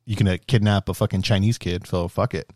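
A man in casual, profane podcast talk, ranting in an animated way and swearing often. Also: low-pitched, quick pace, no echo, studio quality. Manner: animated, swearing, rising to shouts when worked up. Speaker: podcast co-host.

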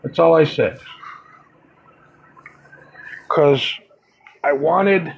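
A man with a deeply gravelly, husky voice delivers a heated, profane monologue, stopping and restarting as he gets worked up. He talks slowly, and the recording sounds dull and lo-fi. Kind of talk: monologue commentary.

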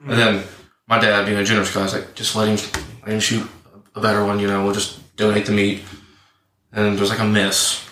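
Talking a little fast in a fairly low voice, a young man in his twenties who co-hosts a podcast and works as a hunting guide relates a story full of profanity, acting out both sides of the conversation. The recording sounds roomy and distant, with faint noise.

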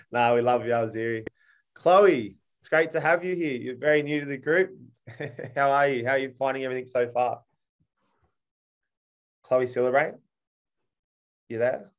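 A man, hosting an interview over a video call and speaking in a warm, encouraging way full of praise. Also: medium pitch, unhurried, long pauses, dull audio. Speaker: host.

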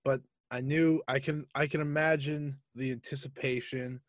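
A man's voice: mid-range voice, fairly even intonation, normal speed, no room sound. Teen boy as interviewer, earnest and encouraging, dry close sound. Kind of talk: casual interview.

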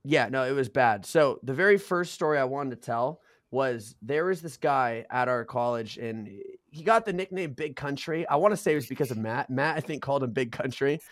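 A man's voice: medium pitch, moderate pace, hardly any pauses, no echo, studio quality. A young adult man casually telling college stories as a podcast co-host, swearing constantly and peppering his talk with slang. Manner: profane, slangy, says dude and bro constantly. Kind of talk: casual storytelling.

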